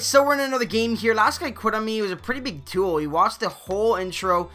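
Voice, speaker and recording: A young man hosting a gaming channel, giving casual live commentary on his own hockey game and swinging between loud outbursts and low mutters. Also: lively intonation, a little fast, hardly any pauses, soft background music.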